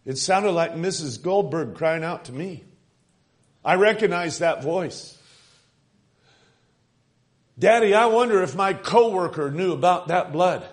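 A man's voice: high-pitched, animated, measured pace, long pauses. A man voicing an anxious young son who questions his father with worry. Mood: worried. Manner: questioning, worried.

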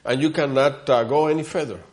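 A man's voice: mid-range voice, a little fast. A man preaching a sermon, telling his story earnestly, repeating himself and turning often to the listeners.

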